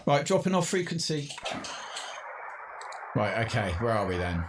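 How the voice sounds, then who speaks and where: A man's voice: mid-range voice, sing-song, a little slow, noisy background. A man from England working his amateur radio station, chatting casually between contacts and talking to himself as he tunes. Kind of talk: casual on-air radio chat.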